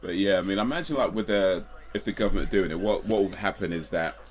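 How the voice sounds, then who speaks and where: A young man with a notably low, deep voice talks casually on a live stream. His delivery is relaxed and rambling, with easy chuckles and loose trailing sentences. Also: fast talker. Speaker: livestreamer. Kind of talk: casual live watch-along chat.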